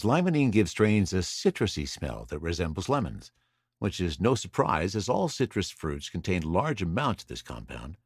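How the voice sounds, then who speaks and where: Podcast host, male, low voice, animated pitch, reads lists, dry booth sound. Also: dry recording. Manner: reads from notes, lively listing. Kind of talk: solo podcast explainer.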